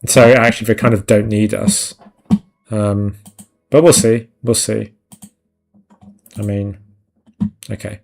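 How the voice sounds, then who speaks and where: A man's voice: lowish voice, steady tone, slow pace, creaky, long pauses. A man chatting casually and swearing while he paints on a live stream, rambling and self-mocking. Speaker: digital art streamer.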